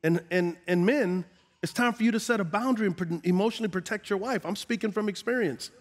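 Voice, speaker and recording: A middle-aged man preaching a sermon as pastor, talking straight to the congregation and rising to loud, emphatic peaks. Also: sits high, fast talker. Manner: preachy, builds to shouting, call-and-response asides. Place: large church sanctuary. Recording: long hall reverb.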